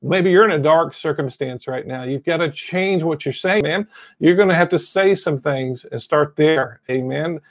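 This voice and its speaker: A pastor preaching a sermon, retelling a story and saying amen again and again. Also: male voice, a little high, normal speed, dry recording. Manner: repeats amen often, storytelling.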